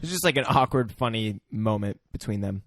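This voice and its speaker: A man's voice: on the low side, expressive, brisk, fairly bright tone, no echo, studio quality. A man co-hosting a podcast, chatting in a laid-back, joking way about a movie. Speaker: podcast co-host. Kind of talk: casual movie-review chat.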